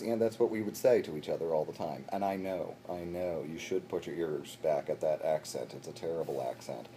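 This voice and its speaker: A man's voice: a bass voice, a little fast, hardly any pauses, warm tone, slight background noise. A young man hosting his show, telling a rambling comic story with self-deprecating asides to a silent companion. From Baltimore, USA. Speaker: show host.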